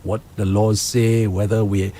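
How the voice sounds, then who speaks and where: A man's voice: fairly low pitch, flat delivery, a little slow, mellow, slight background noise. A man hosting a talk radio show, speaking, emphatic and indignant as he reads out and comments on news.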